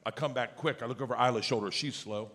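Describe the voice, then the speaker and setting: A middle-aged man doing a stand-up comedy set, telling stories loudly and acting out quoted lines in shifting voices. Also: mid-range voice, fast talker. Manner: loud storytelling, acts out quotes in shifting voices. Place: comedy stage before a laughing audience. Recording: live stage mic with audience noise.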